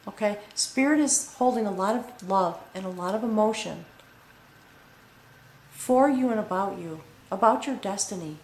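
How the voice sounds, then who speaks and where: A woman giving a spiritual tarot reading, earnest and full of pauses, often checking in with "okay?". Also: medium pitch, a little hiss or hum. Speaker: tarot reader. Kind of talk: spoken tarot reading to camera. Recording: echoey room with faint ambience.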